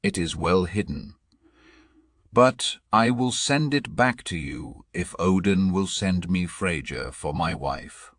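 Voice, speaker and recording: A huge, jeering frost giant king, played by a male reader, growling and bellowing his demands. The voice is husky and deep with a slow, heavy delivery. A dry, close storybook audiobook. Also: lively intonation, no echo, full character voice. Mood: sneering.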